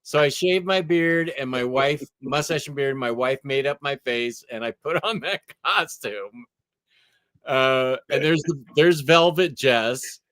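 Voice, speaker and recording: A man's voice: mid-range voice, a little slow, fairly bright tone, dry recording. A man hosting a casual show, telling stories and chuckling often. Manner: chuckling, storytelling. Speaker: host. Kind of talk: casual chat.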